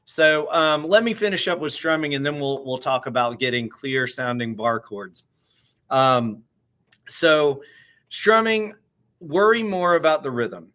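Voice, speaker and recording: A man teaching guitar in a casual, halting way, often repeating words as he explains and counting beats aloud. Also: on the high side, sharp tone.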